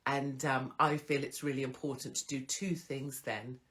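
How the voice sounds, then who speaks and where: A woman in her forties with a rumbling low, level and slightly bright voice hosts a show at a moderate pace. In a casual advice monologue, she's frank and chatty, swearing freely and doing mock voices of other people.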